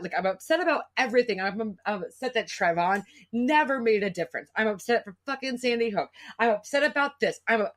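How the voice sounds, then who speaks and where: A woman's voice: a little high, animated, fast talker, few pauses. A middle-aged woman hosting a podcast, talking in an emotional, rambling way and swearing freely. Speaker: podcast host. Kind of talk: casual podcast conversation.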